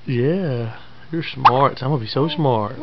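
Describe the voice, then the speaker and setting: A woman's voice: very deep voice, unhurried, lo-fi sound, very noisy. A mother talking doting, sing-song baby talk to her infant son at home.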